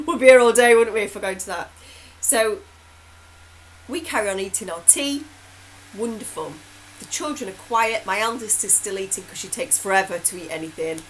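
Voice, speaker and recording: A woman's voice: mid-range voice, normal speed, slight background noise, poor audio. Brief: woman in her thirties, host, chatty rambling storyteller who laughs as she talks. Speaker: hypnotherapist host. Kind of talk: casual storytelling update.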